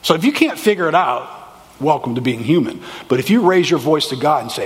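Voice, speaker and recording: A man preaching a sermon as a pastor, with animated, emphatic delivery and quick asides to the congregation. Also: mid-range voice, in a large hall.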